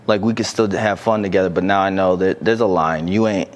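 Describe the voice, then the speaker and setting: A man's voice: low voice, fairly even intonation, fairly quick. A man co-hosting a podcast, talking frankly and casually about dating, with the occasional swear word. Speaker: podcast co-host.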